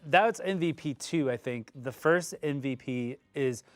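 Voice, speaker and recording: A man's voice: mid-range voice, unhurried, dry recording. A man co-hosting a casual movie-review chat, talking loosely with frequent fillers and laughs. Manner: chatty, laughs often, uses lots of fillers. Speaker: podcast co-host.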